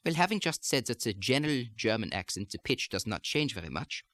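A man's voice: medium pitch, big pitch swings, fairly quick, a bit bright, dry recording. A man coaching on an instructional tape, speaking in a put-on German accent as he explains it, with a precise, explanatory delivery. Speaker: dialect coach. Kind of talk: recorded accent lesson.

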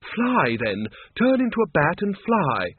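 A man's voice: high-pitched, wildly swooping pitch, slow pace, husky, no echo, pitched above the performer's own voice, full character voice. A man reading aloud and voicing a mild, level-headed older man in a tinny, phone-like recording. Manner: mild, reasoning. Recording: tinny phone-like dry audio.

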